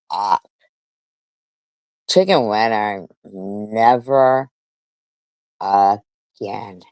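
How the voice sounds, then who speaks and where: Female commentary streamer, slow and smooth, indignant, heavy swearing. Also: rumbling low, expressive, no echo. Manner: indignant, swears heavily while reading comments aloud. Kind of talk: livestream commentary.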